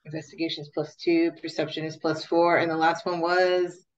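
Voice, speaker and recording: A woman's voice: sits low, level tone, a little fast, a little hiss or hum. A woman playing a tabletop game, chatting in a hesitant, unsure way as she works out her rolls. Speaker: player. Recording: dull lo-fi audio.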